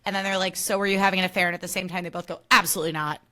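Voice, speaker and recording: A woman's voice: medium pitch, little pitch movement, racing, bright, forceful tone. A young woman hosting a podcast, recapping reality TV in a chatty, sarcastic way, swearing freely and acting out quotes. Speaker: podcast host.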